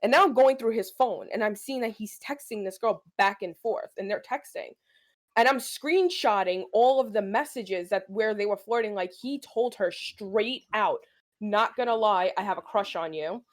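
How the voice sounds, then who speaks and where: Telling a story in laid-back podcast chat, the young female co-host has a medium-pitched voice and a moderate pace. She swears without restraint and brings the quoted dialogue to life with animation.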